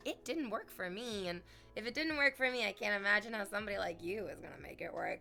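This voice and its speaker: A young woman chats casually on a live stream, telling a story to her viewers. Her voice is bright and forward, and she slips into playful exaggerated voices when she quotes people. Faint music plays behind her. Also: medium pitch, expressive, a little fast, creaky. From Canada.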